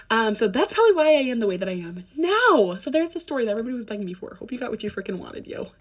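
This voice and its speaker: A woman's voice: on the high side, very animated, fast, slightly rough. A young woman telling a personal story into her phone camera, candid and sarcastic, laughing through the heavy parts. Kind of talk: casual storytime vlog.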